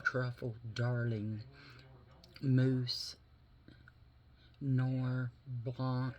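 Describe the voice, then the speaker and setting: Male makeup vlogger, unhurried, chatty and profane, mid-range voice, murmurs asides. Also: medium pitch, darkish tone, lo-fi sound. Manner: rambling, chatty, swears casually, drops into whispered asides. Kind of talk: casual chat while doing makeup.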